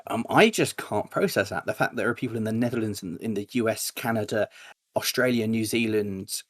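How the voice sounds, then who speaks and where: A man, a YouTuber guest, chatting casually in an interview, telling anecdotes animatedly with sudden high-pitched impressions of other people. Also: brisk.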